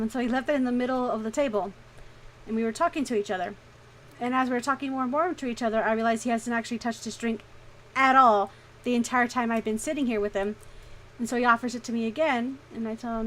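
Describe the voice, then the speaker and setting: A young woman streamer telling a story in casual chat, animated and swearing freely. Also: on the high side, a little fast, a little hiss or hum, rough recording.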